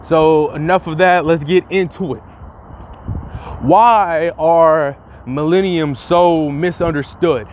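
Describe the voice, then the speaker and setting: A young man talks straight to his viewers in a loose, rambling way, cursing freely and tripping over restarts. His voice sits fairly high for a man, and faint background noise runs under it. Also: fairly even intonation, slow pace, darkish tone. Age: young adult. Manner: rambling and profane, with frequent restarts. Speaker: vlogger. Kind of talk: casual vlog commentary.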